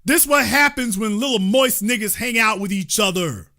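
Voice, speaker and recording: A man's voice: high-pitched, moderate pace, pushed and bright. A male host ranting through political commentary in a heated, profane, mocking way.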